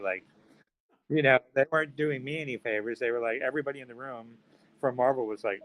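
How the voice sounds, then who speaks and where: A man's voice: mid-range voice, fast talker, rough recording. Male guest acting out an anecdote. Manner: animated storyteller acting out quoted voices. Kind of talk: anecdote in interview.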